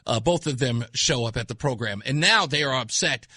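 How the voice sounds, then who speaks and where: A man's voice: medium pitch, normal speed, sharp tone, dry recording. A man hosting a talk radio show, delivering a mocking, scornful monologue into a studio mic. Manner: mocking, scornful, laughs at callers.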